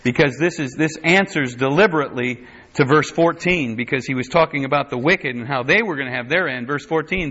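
Brisk, bright, and forceful, with a medium pitch, a man teaches a verse-by-verse sermon. He reads the old English King James wording, then explains it in everyday terms, frequently restarting and correcting himself. It's a dull, lo-fi recording.

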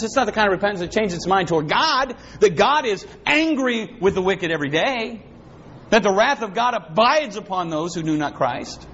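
A pastor preaching a sermon, swinging between loud, dramatic lines and hushed ones. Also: male voice, sits high, lively intonation, moderate pace, husky. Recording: dull lo-fi with faint hiss.

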